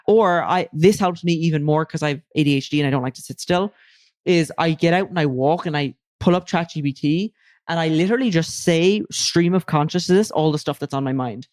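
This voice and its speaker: A woman's voice: sits low, a little fast, a little mellow, no room sound. Woman, podcast guest, coaching talk, emphatic, swears casually, dry close sound.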